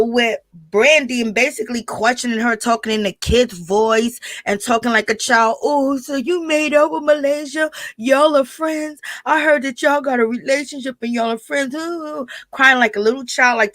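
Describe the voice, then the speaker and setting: A woman giving a sassy, animated, casual livestream recap of a reality show and greeting her chat by name. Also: a little high, dry recording. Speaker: streamer and reality TV commentator.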